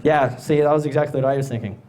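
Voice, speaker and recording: A man's voice: mid-range voice, steady tone, fast talker, a little mellow. A young man performing live stand-up, telling rambling, self-mocking anecdotes with many restarts, in front of a laughing audience. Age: young adult. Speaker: stand-up comedian. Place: stage before a laughing audience.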